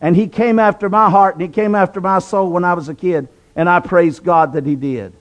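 This guest's high-pitched voice has fairly even intonation and a slightly fast pace, with the highs cut off. Originally from southwestern Virginia, he earnestly testifies about his conversion in a preacherly way, repeating phrases for emphasis.

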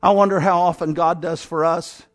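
A man preaching a sermon as pastor, telling the story dramatically and swinging between raised exhortation and quiet, close asides. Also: on the high side, fairly even intonation, moderate pace, faint music behind. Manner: dramatic storytelling, acting out scenes.

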